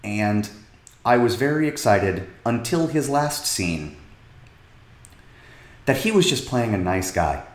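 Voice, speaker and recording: A man's voice: lowish voice, animated, slow pace, pauses often, roomy sound. A man co-hosting a podcast, chatting casually and emphatically about films. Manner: enthusiastic, emphatic. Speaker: podcast co-host. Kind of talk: casual chat about a film.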